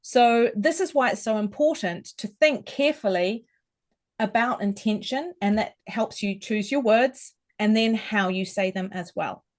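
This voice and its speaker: A woman talks as a vocal coach in a podcast interview. She explains clearly and carefully, and she shows each point by demonstrating how a voice can sound. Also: mid-range voice, unhurried. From New Zealand. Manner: articulate, instructive, demonstrates vocal tones.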